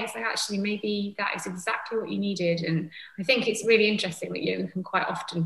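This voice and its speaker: A woman, a yoga teacher speaking gently and reflectively as a podcast guest. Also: lowish voice, vocal fry, reverberant, rough recording. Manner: gentle, reflective, with soft fillers. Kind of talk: casual conversation.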